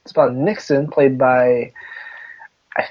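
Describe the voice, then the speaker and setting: A man's voice: mid-range voice, steady tone, measured pace, darkish tone, breathy edge. A man co-hosting a podcast in casual chat, rambling and laid-back, laughing often. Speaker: podcast co-host. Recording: dull lo-fi podcast audio.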